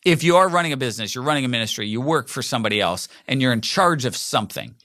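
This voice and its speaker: A man's voice: mid-range voice, animated, rapid-fire, bright, forceful tone, dry recording, clean studio sound. A middle-aged man hosting a podcast alone, talking casually in a rambling way and acting out quoted voices. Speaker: podcast host. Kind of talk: casual solo monologue.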